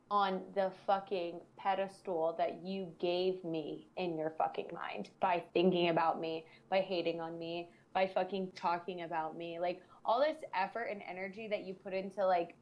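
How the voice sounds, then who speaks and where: A woman's voice: lowish voice, flat delivery, unhurried, highs cut off. A woman in her twenties hosting a podcast as a sex educator, talking bluntly and sassily with plenty of swearing. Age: 20s. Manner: blunt, heavily profane, sassy. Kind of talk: casual podcast chat.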